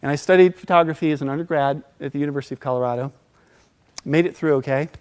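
A middle-aged man, his voice a bit higher than most men's, tells a personal story in a loose, conversational way. He acts out quoted voices and lets short laughs slip in between lines. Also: fast, a little mellow, clean tone.

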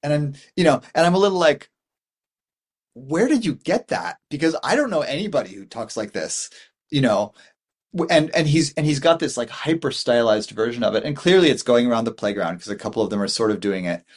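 A man's voice: medium pitch, animated, fast. A man in his forties giving a dharma talk as a Buddhist meditation teacher, rambling and thoughtful, with many fillers and restarts.

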